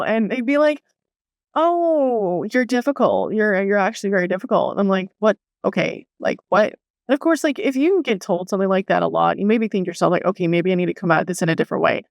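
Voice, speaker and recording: A young woman telling a personal story to her vlog audience in a casual, animated way, swearing freely and acting out what others said. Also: medium pitch, dry recording, clean studio sound. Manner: animated, swears freely, acts out quoted voices. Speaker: vlogger.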